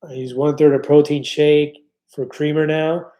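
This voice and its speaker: A man in his fifties chats through viewer comments on a casual live stream. His voice sits a little high yet sounds warm and mellow. He is upbeat and talkative, full of fillers and quick restarts. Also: little pitch movement. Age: 50s.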